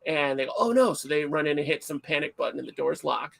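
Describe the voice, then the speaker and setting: A middle-aged man hosting a livestream, chatting casually and telling stories in an animated, self-mocking way. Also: a little high, fast, vocal fry. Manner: animated storyteller, self-mocking, acts out shouts. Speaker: livestream host.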